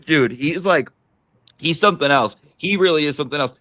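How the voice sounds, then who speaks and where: A man hosting a casual podcast chat, talking in an animated, profane way and acting out what people might say. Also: a little high, normal speed, long pauses, no echo. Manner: animated, profane, acts out quotes. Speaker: podcast host.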